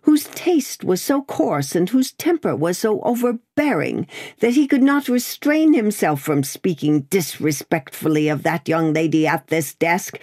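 A woman's voice: mid-range voice, a little mellow, voice pushed up. A woman voicing a fussy, mild older male bank clerk who speaks cautiously, politely and precisely, as a character in an audiobook.

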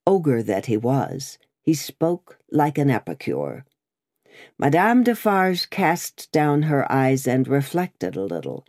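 Very low, dark-voiced woman narrator. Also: animated, a little slow, dry recording, clean studio sound. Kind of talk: audiobook narration.

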